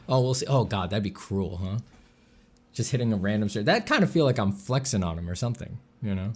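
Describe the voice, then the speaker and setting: A man's voice: lowish voice, very animated, quick pace. A man, an artist, chatting casually with viewers while drawing, rambling and joking at his own expense. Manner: joking, rambling, self-mocking. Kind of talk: casual livestream chat.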